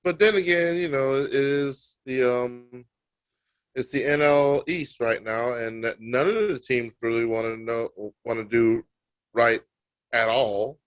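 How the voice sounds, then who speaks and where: A man's voice: mid-range voice, fairly even intonation, measured pace, clear, resonant tone. A man co-hosting a sports podcast, ranting emphatically and with disbelief. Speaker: podcast co-host. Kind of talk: casual sports banter.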